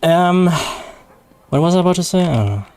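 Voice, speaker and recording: A man's voice: high voice, expressive, a little fast, a little mellow. A young man whose first language is German, chatting casually and rambling with jokes and laughter as a game streamer. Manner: rambling, joking, laughs often. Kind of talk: casual livestream chat.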